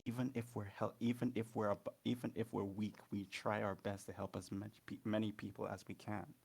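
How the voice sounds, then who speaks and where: A man voicing a weary, sick mother who serves as a priestess, speaking calmly and firmly. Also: fairly low pitch, brisk, gravelly, slightly rough. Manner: weary, calm and firm.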